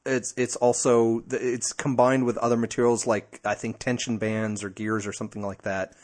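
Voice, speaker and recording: A man's voice: mid-range voice, level tone, moderate pace, a little mellow. Teasing male podcast co-host. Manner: teasing, explains at length with hesitations. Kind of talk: casual chat.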